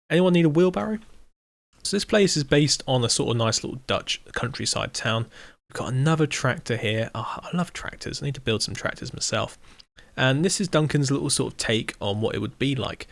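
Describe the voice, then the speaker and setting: A man narrates a tour of a game server in a relaxed, chatty commentary voice. His mid-range voice has a gravelly edge. He is quick to gush over what he sees and often pokes fun at himself. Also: mid-range voice. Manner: chatty, self-deprecating, easily delighted. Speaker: server host giving a build tour. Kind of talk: casual gameplay commentary.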